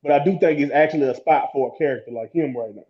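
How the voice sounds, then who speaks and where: A man's voice: on the high side, quick pace. A man co-hosting a podcast, chatting casually about wrestling in a rambling way with lots of fillers and restarts. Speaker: podcast co-host. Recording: dull lo-fi sound.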